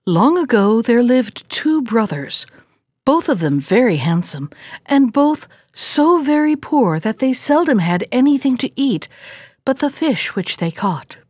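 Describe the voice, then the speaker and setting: A woman librarian reading a folktale aloud in an expressive, animated storytelling manner. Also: a little high, measured pace, dry recording, studio quality.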